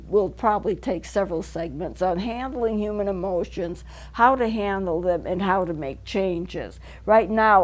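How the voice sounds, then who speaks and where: A woman's voice: medium pitch, a little mellow. A middle-aged woman counselor hosting a local TV talk show, explaining points earnestly in a studio and repeating them for clarity. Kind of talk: teaching talk to camera.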